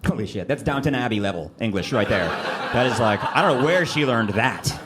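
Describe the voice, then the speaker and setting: A man's voice: mid-range voice, a little fast. A man performing a stand-up set on a comedy club stage, telling stories and acting out dialogue into a handheld mic. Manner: animated storytelling, acting out dialogue. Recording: live club audio with room noise. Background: audience laughter.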